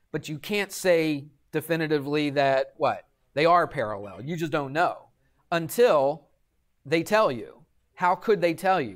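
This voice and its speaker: A middle-aged high school math teacher lectures his class in a fairly high, fairly bright voice. He poses questions to the students, answers them himself, and drops in jokey asides.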